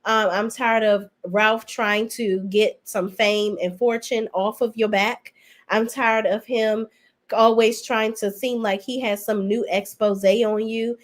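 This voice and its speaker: A woman's voice: a little high, fairly even intonation, takes it slowly. A woman hosting a podcast, giving a casual, blunt and sassy recap of a reality show in slangy talk. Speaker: podcast host reviewing reality TV. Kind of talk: casual opinionated recap commentary.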